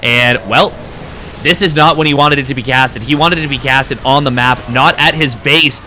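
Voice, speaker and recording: A man doing live game commentary as a caster, excitable and breaking into quick bursts during fights. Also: fairly high pitch, a little hiss or hum. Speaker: esports caster.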